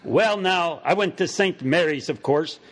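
A man voicing a genial Irish man in a bar, folksy and unhurried, in an Irish accent. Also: fairly high pitch, fairly bright tone.

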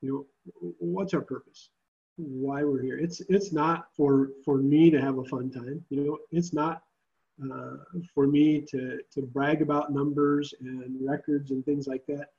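A man's voice: on the high side, fairly even intonation, measured pace, creaky, a little mellow, lo-fi sound. A man who leads a Christian summer camp, speaking earnestly and reflectively in an interview. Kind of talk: podcast interview.

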